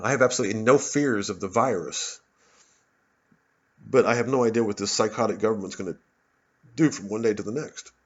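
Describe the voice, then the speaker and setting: A man's voice: fairly low pitch, a bit bright, husky. Profane, stammering man ranting, lo-fi. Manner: angry, profane, stammering repetitions. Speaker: comedian ranting to camera. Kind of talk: casual rant. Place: outdoors, smoking a cigarette. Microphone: phone propped on a bottle.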